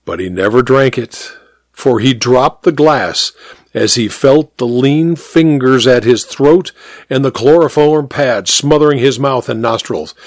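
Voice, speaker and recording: A man narrating a mystery story in a measured, expressive reading. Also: mid-range voice, no echo, clean studio sound.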